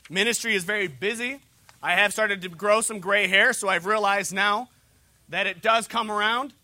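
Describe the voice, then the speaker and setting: A man's voice: high voice, steady tone, normal speed, sharp tone, no room sound. A young man preaching a sermon, with a joking, conversational delivery and humorous asides. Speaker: pastor.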